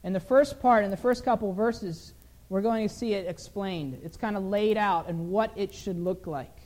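A man's voice: high-pitched, moderate pace, darkish tone. A man preaching a sermon, telling a personal story earnestly and pressing his points with rising emphasis.

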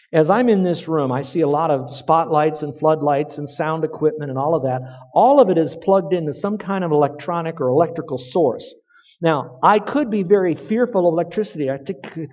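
A man preaching a sermon to men, emphatic, slowing down to stress key words. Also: on the high side, darkish tone. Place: room with stage lights and sound equipment. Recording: dull, lo-fi audio with long hall reverb.

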